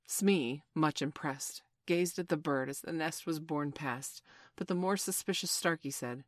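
A woman reading a children's storybook aloud in an expressive, animated way. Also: low voice, unhurried, dry recording, studio quality. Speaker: narrator.

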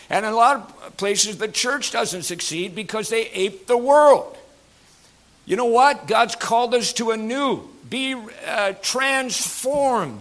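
A male pastor preaching a sermon to his congregation in a church, animated and folksy, with frequent fillers and jokes. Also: very high voice.

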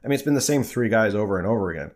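Low-voiced man hosting a casual livestream. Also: expressive, racing, a little mellow. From New Jersey. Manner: loose, conversational, frequent fillers and restarts. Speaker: livestream host. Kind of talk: casual live-stream chat answering viewer questions.

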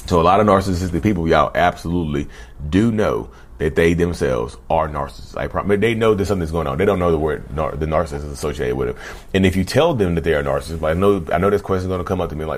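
A man speaks directly to camera in a casual monologue about narcissism, conversational and constantly addressing viewers as "y'all." His voice is low and animated, and he talks fast.

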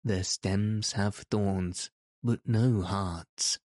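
A man voicing a calm, patient old gardener who explains things to visitors in a storybook reading. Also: lowish voice, very slow, no room sound, studio quality. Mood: explaining.

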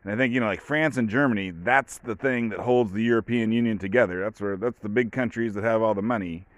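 Rambling low-voiced man podcasting. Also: fast, no echo. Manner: rambling, offhand, with many fillers. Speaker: podcast host. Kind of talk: casual solo commentary.

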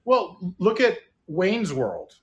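A man's voice: high-pitched, wildly swooping pitch, slow, muffled recording. A middle-aged man from Illinois in casual chat, reflective and rambling with many restarts.

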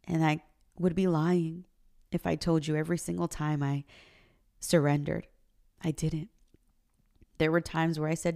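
Her low, dark voice carries vocal fry and a flat delivery at a moderate pace, broken by long pauses. As host of a faith podcast, she opens up earnestly about her marriage and faith, sometimes getting emotional.

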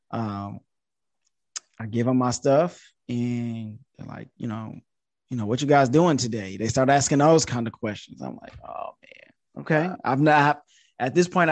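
Man in his thirties, podcast guest, casual animated storytelling, mid-pitched voice, dry close mic. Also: no room sound. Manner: animated, jumps high in pitch when quoting himself. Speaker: podcast guest, social media influencer.

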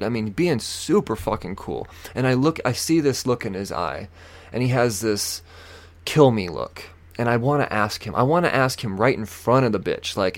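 A man's voice: medium pitch, animated, normal speed. A young man hosting a podcast, telling a story in casual chat, swearing heavily and acting out other people in a raised voice. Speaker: podcast host.

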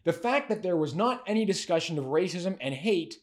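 A man co-hosting a political commentary show, talking in a sarcastic, mocking, animated way. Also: sits high, fairly quick.

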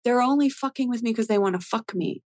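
A woman in her thirties, a rapper guest telling a story in a casual interview, animated and swearing often as she acts out what people said. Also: a little high, fast talker, no echo, low-quality recording. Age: 30s.

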